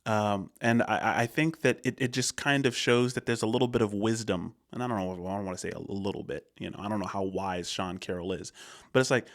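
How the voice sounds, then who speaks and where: Here a U.S. man hosting a reaction video talks a little fast, his voice lowish with a fairly bright tone. He casually riffs on a clip, rambling with false starts and filler words.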